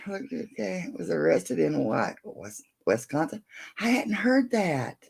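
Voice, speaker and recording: Slow, gravelly older woman chatting. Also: lowish voice, very animated, a little mellow. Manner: chatty, rambling, reads out viewer comments; talks to her dog in between. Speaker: livestream host. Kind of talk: late-night casual livestream chat.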